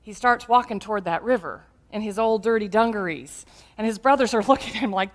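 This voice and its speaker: A woman pastor preaching a sermon, telling stories in an animated, humorous way. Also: medium pitch, brisk.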